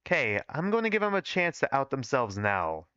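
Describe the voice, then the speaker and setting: A scheming schoolgirl laying a trap for a classmate at a class trial, as a man reads her lines aloud from his fan fiction. The voice keeps its middle pitch yet moves a lot, and the audio is dull and dry, with no room around it. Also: very animated, normal speed, bright, forceful tone, clean tone, dry recording. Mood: smug.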